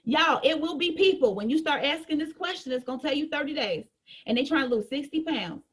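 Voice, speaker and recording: High-voiced, chatty female sales trainer. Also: fairly quick. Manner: lively, conversational, addresses listeners directly.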